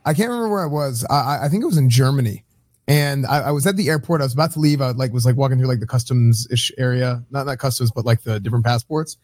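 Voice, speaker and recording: A man's voice: mid-range voice, fast talker, a little mellow, no room sound, clean studio sound. A man telling a story in casual chat, rambling with many repeated words and fillers.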